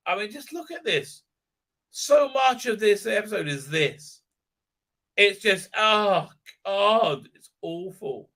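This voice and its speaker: A man's voice: sits high, lively intonation, slow, bright, forceful tone. A man hosting a live stream, ranting sarcastically with lots of swearing and filler sounds. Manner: sarcastic, profane, many fillers. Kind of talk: ranting commentary.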